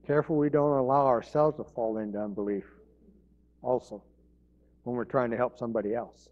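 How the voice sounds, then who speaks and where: Pastor, male, casual storytelling sermon, mid-pitched, muffled lo-fi church tape. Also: steady tone, fairly quick, darkish tone. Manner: folksy storytelling with restarts and chuckles. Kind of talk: informal sermon.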